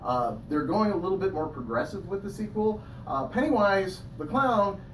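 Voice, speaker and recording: A man's voice: high voice, lively intonation, normal speed, a bit bright. A man performing a crude stand-up comedy set, laughing at his own jokes between filler words. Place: small comedy room with audience. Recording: echoey room, mic at a distance, noisy. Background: audience laughter and chatter.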